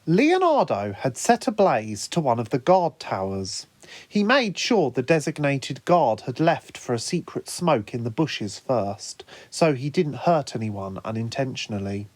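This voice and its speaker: A man narrating his own fan story in a lively storytelling manner. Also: medium pitch, unhurried, dry recording. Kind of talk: fan audiobook reading.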